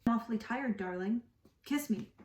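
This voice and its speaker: A woman's voice: fairly high pitch, normal speed, darkish tone, reverberant, recorded from a distance, natural voice. A woman reading aloud the lines of a guarded, moody young woman in love from a novel. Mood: tired. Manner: read aloud plainly from a novel.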